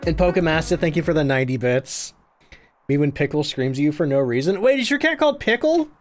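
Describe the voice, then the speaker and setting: A man streaming a game live, chatty and excitable as he thanks viewers and explains his play. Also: a little high, fast talker, faint music behind. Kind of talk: live gameplay commentary.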